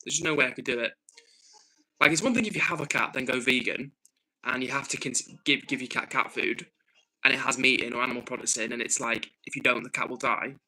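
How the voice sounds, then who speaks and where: A man's voice: mid-range voice, quick pace, pushed and bright, rough recording. A man from the north of England, hosting a casual livestream and reading out viewer messages. He talks earnestly, thinking aloud with frequent ums and restarts. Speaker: livestream host.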